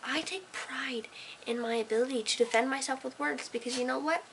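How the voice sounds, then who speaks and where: A woman's voice: high-pitched, brisk, vocal fry, fairly bright tone, a little hiss or hum, low-quality recording. A teenage girl vlogging casually in her room at night, rambling and sarcastic, dropping into whispers and then bursting with energy. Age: teens. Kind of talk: casual late-night talk to camera. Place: own room at night, lit by a desk lamp.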